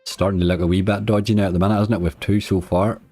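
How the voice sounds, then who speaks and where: Male streamer, very low voice, easygoing chat with viewers, soft slot music behind. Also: flat delivery, quick pace. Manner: chatty, answers viewers' chat comments. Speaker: slots streamer. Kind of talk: casual livestream chat.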